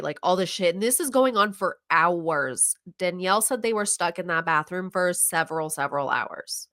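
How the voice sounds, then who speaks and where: A woman hosting a casual podcast, retelling a true crime story with lively acted-out quotes and some swearing. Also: on the low side. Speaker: podcast host recapping a true crime show. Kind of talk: casual chat.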